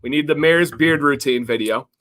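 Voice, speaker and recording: Bright, upbeat male stream host. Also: medium pitch, moderate pace. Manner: upbeat, chatty, reads viewer comments. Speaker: livestream co-host. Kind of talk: casual live-stream chat.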